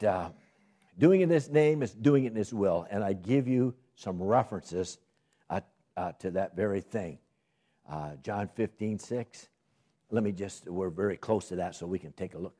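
Husky, animated man preaching a sermon. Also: mid-range voice. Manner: animated, repeats phrases, restarts, asks the audience questions.

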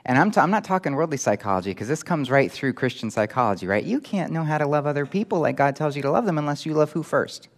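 A man preaching a sermon, emphatic and animated, acting out quoted voices as he teaches. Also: fairly high pitch, quick pace, hardly any pauses.

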